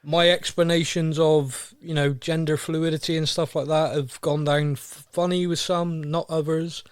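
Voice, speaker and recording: A young man hosting a podcast in a casual, playful chat, full of jokes and quick asides. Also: a little high, little pitch movement, clean tone, no room sound. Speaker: podcast host.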